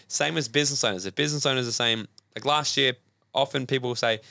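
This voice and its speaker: Coach in his twenties, rapid-fire and animated, bright edgy tone. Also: mid-range voice, vocal fry, no echo. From Australia. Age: 20s. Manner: energetic, animated storytelling with acted-out voices. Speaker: guest, personal development coach. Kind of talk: casual podcast interview.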